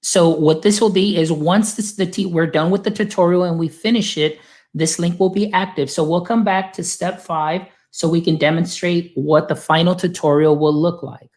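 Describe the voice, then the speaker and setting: A man's voice: fairly high pitch, steady tone, moderate pace, darkish tone. Upbeat male educator, casual screen-share demo voice, talky and friendly. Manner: upbeat, chatty, lots of filler phrases. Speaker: guest demonstrating software; educator supporting teachers.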